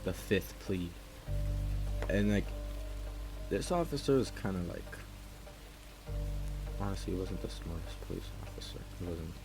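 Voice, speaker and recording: Low-voiced guy rambling a story, tons of likes, music and rain going behind. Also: expressive, moderate pace, long pauses, poor audio. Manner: rambling, lots of filler words. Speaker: gaming video creator. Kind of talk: casual storytelling over gameplay.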